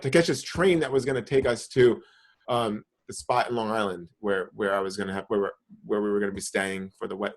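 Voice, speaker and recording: Rambling, cursing man telling stories. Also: lowish voice. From New York area. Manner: profane, rambling storytelling with many restarts. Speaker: podcast co-host. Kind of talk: casual chat.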